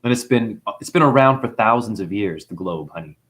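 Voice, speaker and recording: Preachy kiwi guy rambling on a livestream, reading chat, voice jumping all over in pitch. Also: animated, fairly quick, a bit bright. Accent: New Zealand. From New Zealand. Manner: rambling, preachy, calls listeners honey. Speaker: livestream host.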